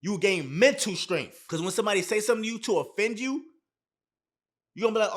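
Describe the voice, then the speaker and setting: A man's voice: sits high, quick pace, fairly bright tone. A young man giving relationship and confidence advice as a vlogger, emphatic and repetitive with heavy slang. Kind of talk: motivational advice talk to camera.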